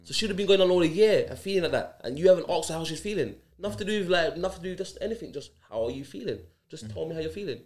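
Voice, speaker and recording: A man's voice: fairly high pitch, animated, racing, hardly any pauses, darkish tone. A man, a podcast guest talking about emotions in a passionate casual chat, repeating phrases for emphasis.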